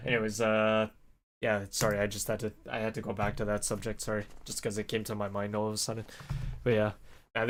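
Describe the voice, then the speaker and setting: A man vlogging in a casual, rambling storytelling way, animated when he quotes people. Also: lowish voice. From North America. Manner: rambling, animated when quoting others, laughs often.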